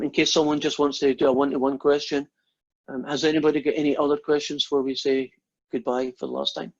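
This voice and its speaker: Male math teacher, husky, chatty and friendly, dull call-quality audio. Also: fairly high pitch. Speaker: math instructor. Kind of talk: online class, casual. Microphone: video call.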